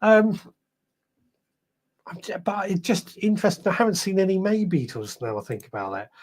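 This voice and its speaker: Guy hosting a live stream, a bit tired, rambly and chatty, voice sits a little high. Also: sing-song, moderate pace, long pauses, darkish tone. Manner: chatty, rambling, self-correcting. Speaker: podcast host. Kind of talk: live-stream chat reading viewer comments.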